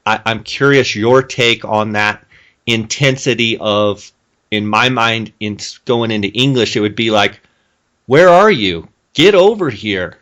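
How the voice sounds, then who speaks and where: A man hosting an outdoors podcast, chatting casually and recapping things for listeners. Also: mid-range voice. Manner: relaxed, conversational, recaps for listeners. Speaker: podcast host. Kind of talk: casual interview chat.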